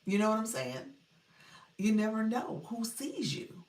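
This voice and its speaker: A woman's voice: on the high side, big pitch swings, unhurried, a little mellow. A woman coaching on a live stream, chatting casually, greeting viewers and laughing often. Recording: echoey room, voice distant from mic.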